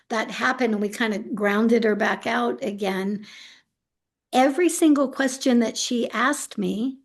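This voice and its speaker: Middle-aged woman on an interview, tells stories all animated, does little voices for people, slightly high voice. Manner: animated storyteller, acts out quoted speech, laughs often. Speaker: autism integration specialist, interview guest. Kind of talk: casual interview storytelling.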